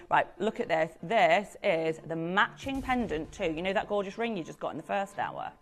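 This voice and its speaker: A woman's voice: medium pitch, expressive, moderate pace, a bit bright, faint music behind. A woman presenting on a live shopping channel, selling jewellery with gushing, effusive patter.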